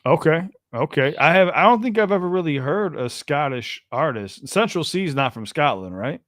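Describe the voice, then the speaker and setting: A man's voice: on the high side, lively intonation, normal speed, fairly bright tone, no echo, clean studio sound. Chatty American man hosting a podcast. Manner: chatty, repeats himself and restarts phrases. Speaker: podcast host taking calls. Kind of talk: casual call-in chat.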